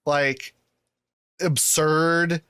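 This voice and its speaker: A man's voice: on the high side, steady tone, drawn-out words, pushed and bright, smooth, dry recording, studio quality. A man co-hosting a podcast in casual chat, rambling and swearing, often trailing off with a laugh. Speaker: podcast co-host.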